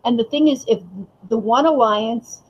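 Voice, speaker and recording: A woman's voice: on the high side, moderate pace. Opinionated woman co-host on lo-fi audio. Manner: opinionated, profane. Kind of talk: casual fan show chat. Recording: lo-fi online audio with faint hiss.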